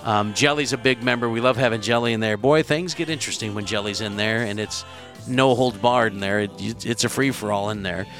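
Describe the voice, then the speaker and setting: A man hosts a casual livestream, and his voice has a bright, forward edge. He rambles through plugs and sign-offs with plenty of ums and uhs. He is losing his voice, and music plays faintly behind him. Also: lowish voice, fairly quick. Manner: rambling, filler-heavy. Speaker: livestream host.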